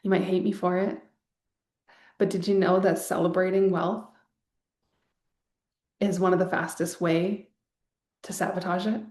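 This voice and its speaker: A lowish, slightly mellow female voice moves at a measured pace with frequent pauses and a level tone, captured with a roomy sound. She is coaching a group live online through a wealth masterclass, chatting casually, rambling, sighing, and swearing occasionally.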